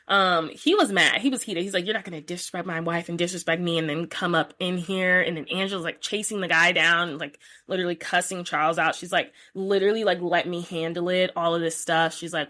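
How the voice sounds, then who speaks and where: Young woman, podcast host, casual chatty recap, lowish voice, lively quoting. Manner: chatty, animated retelling with quoted voices.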